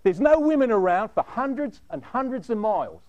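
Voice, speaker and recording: A rough, bearded Australian rugby player, as a man puts him on speaks in a raised, bouncy voice. He states things bluntly and plainly. The sound is dry and close. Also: high voice, big pitch swings, moderate pace, a little mellow, no room sound, highs cut off, voice pushed up.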